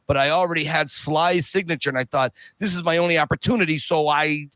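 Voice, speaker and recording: Lively man telling a story. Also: fairly high pitch, dry recording. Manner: animated, acts out quoted voices. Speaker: podcast guest. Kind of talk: casual storytelling.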